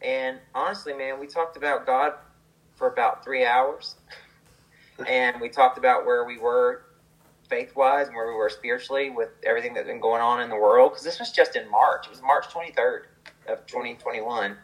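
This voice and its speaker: A man recounts a songwriting session in loose, conversational storytelling. His delivery is chatty and animated, full of fillers and quick asides, and his voice sits in a middle pitch. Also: rough recording. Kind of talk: casual storytelling.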